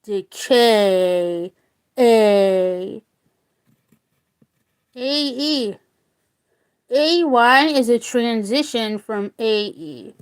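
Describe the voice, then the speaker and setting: A woman teaching a spoken phonics lesson, slowly sounding out words and repeating them. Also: a little high.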